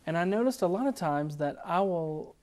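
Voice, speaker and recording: A man hosting an interview, softly affirming his guest and asking questions. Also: high voice, animated, normal speed. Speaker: host.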